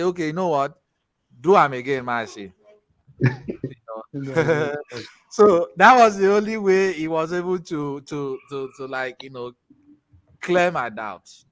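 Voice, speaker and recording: A man from Nigeria with a Nigerian accent, teaching a tech class in a chatty, animated way with pidgin asides. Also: on the high side, normal speed, no echo. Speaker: tech instructor. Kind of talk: casual class talk with storytelling.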